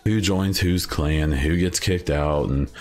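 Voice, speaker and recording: A young man with an extremely deep, low voice hosts a solo gaming podcast. He talks in a loose, rambling way, full of "uh"s and false starts. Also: takes it slowly. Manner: casual, rambling, many fillers and restarts. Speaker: podcast host.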